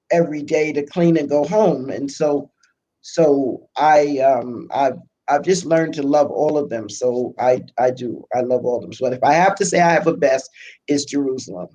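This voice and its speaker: An older woman with a Brooklyn accent, chatting as an interview guest, self-deprecating and quick to laugh. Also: sits low, mellow, muffled recording. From Brooklyn, United States. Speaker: pastor and biblical scholar, guest. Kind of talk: casual conversational interview.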